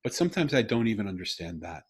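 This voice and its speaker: A middle-aged man hosting a podcast over a video call, telling an intimate story earnestly with halting restarts and bursts of emphasis. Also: on the low side, very animated, breathy edge. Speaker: podcast host. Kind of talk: conversational storytelling.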